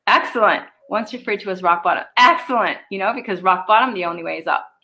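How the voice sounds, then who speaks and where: A woman's voice: medium pitch, fast, bright, forceful tone. A woman channels spiritual guidance on a live stream and answers viewer questions one by one. She talks in a loose, conversational way, laughs easily and lets the odd swear word slip.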